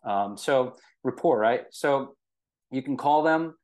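A man's voice: medium pitch, slow pace, darkish tone. A man leading a real estate training in a casual, conversational way, often checking in with the listeners. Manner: conversational, with frequent fillers and rhetorical "right?".

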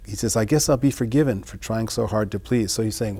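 A man discussing his own song lyrics in an interview, reading lines and then explaining them in a musing, halting way. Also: lowish voice, warm tone, breathy edge. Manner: halting, many restarts. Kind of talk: reflective interview talk.

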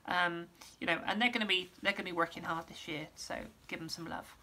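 A woman musician gives a casual vlog update, rambling with lots of ums and restarts. Her voice is bright yet on the low side, steady in tone and brisk. She is losing her voice and keeps clearing her throat.

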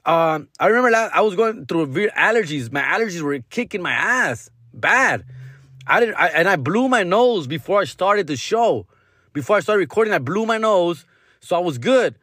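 Slangy comedian, lively voice. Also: male voice, high voice, normal speed, no room sound, clean studio sound. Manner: profane, slangy, drops Spanish words. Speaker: podcast host, comedian. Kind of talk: casual comedic storytelling.

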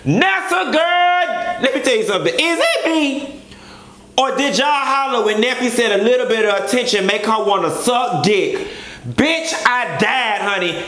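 A flamboyant man with a high voice gives a sassy, profane reality TV review. His talk is full of attitude and dishy asides. The room around him rings with echo. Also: lively intonation, normal speed, bright, forceful tone. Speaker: vlogger. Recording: echoey room.

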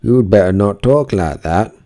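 A man's voice: fairly low pitch, animated, unhurried, mellow. A man reading an audiobook, voicing a sulky, tattling male card gardener.

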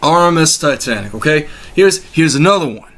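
Male reaction host, sarcastic, foul-mouthed, higher-pitched bright voice. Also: lively intonation, brisk. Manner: exclaims and breaks into laughing disbelief; sarcastic, swears freely. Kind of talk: comedic reaction commentary.

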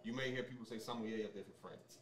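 A man speaking as a sommelier guest in a casual interview, explaining things in a relaxed way with many ums and restarts. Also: mid-range voice, quick pace, echoey room, distant mic, a little hiss or hum.

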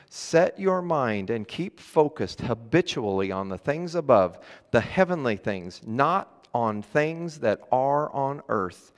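A male pastor preaching a sermon, reading scripture and adding chuckling, conversational asides. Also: mid-range voice. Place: church sanctuary. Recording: long church reverb.

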